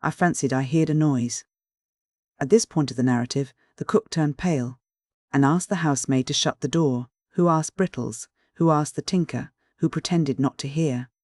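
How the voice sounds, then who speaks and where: A man's voice: fairly high pitch, moderate pace, no room sound. Male audiobook narrator, dry and close. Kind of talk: scripted narration of a classic novel.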